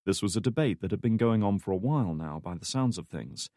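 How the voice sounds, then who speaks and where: A male audiobook narrator reading a thriller in a measured, steady way. His voice sits on the low side. The recording is dry and close, with no room sound. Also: dry recording. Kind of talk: scripted narration.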